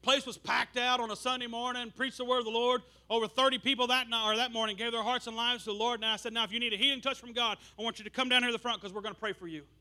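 A man preaching a sermon, telling stories with animated bursts of shouting. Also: very high voice, racing, hardly any pauses.

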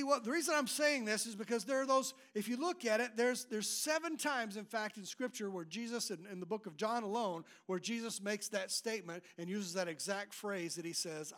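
A pastor with a notably high voice delivers a sermon. He preaches with emphasis, repeating and restarting phrases as he builds each point. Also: a bit bright.

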